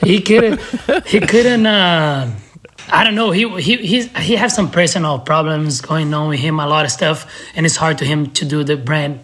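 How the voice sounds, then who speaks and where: A man's voice: a little high, moderate pace, a bit bright. A man from Brazil, a guest on a podcast, telling a story in a loose, laughing, profane way with lots of restarts. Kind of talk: casual storytelling.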